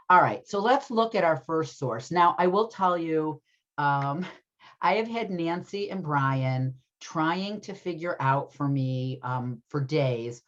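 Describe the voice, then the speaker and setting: Low-pitched woman teaching a class over video call, chatty, lots of ums and "right?", kinda muffled audio. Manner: chatty, many fillers, keeps asking "right?". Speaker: teacher of an adult ethics class. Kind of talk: conversational online class lecture.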